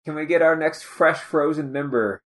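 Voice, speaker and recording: A man's voice: on the high side, normal speed. A man co-hosting a podcast in playful, teasing casual chat. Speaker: podcast co-host.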